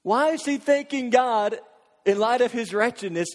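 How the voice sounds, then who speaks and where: A man preaching a sermon, earnest, posing rhetorical questions and dropping into hushed intensity. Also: extremely high pitch, animated, moderate pace. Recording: long hall reverb.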